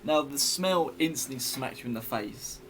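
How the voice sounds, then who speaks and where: A man's voice: medium pitch, expressive, moderate pace, fairly bright tone, a little hiss or hum. A young man telling a story in a casual vlog, rambling and chatty with many fillers and restarts.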